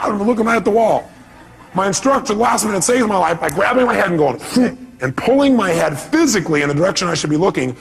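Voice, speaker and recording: Fast-talking animated male motivational speaker. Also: high voice, vocal fry, slightly rough. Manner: animated storytelling with acted-out voices and exclamations. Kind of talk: live motivational seminar talk.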